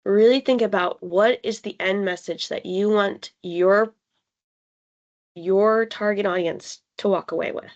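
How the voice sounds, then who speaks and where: A woman's voice: medium pitch, muffled recording. Friendly woman teaching a design class. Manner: conversational, with fillers and emphatic pauses. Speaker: workshop facilitator. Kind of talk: teaching a live online design workshop. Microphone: video call.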